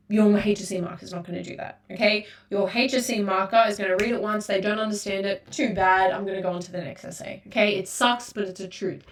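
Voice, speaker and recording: An Australian woman tutor talks through an exam-prep lesson in a relaxed, chatty way, dropping fillers as she goes. Her voice sits back from the mic and rings in a roomy space. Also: mid-range voice. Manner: casual, chatty, frequent fillers. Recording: echoey room, far from mic.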